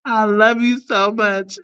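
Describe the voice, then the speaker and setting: A woman hosting a casual livestream, playfully chatting with viewers, shouting them out and laughing often. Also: on the high side, fairly even intonation, takes it slowly, clean tone, dull audio. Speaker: livestream host.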